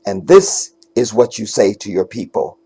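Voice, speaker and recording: A man's voice: fairly low pitch, very animated, moderate pace, gravelly, warm tone, breathy edge. A man hosting casual reaction commentary, talking emphatically and with swearing straight to his viewers. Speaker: commentator host.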